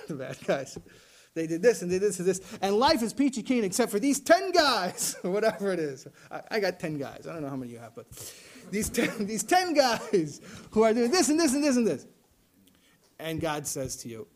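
A man delivering a sermon as a religious teacher, talking in an animated way and often laughing as he speaks. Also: high-pitched, fast talker.

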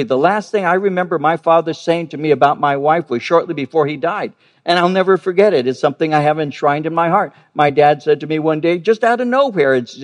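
A man in his fifties or older preaching a sermon, telling a personal story earnestly and repeating words for emphasis. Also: a little high. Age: 50s or older. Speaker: pastor.

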